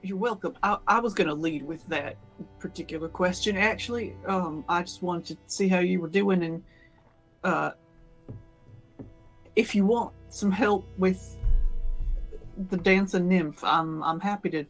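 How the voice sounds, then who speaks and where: A man's voice: sits high, measured pace, pauses often, a bit bright. A man playing a tabletop role-playing game in an easygoing way, laughing often. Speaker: player. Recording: music bed behind.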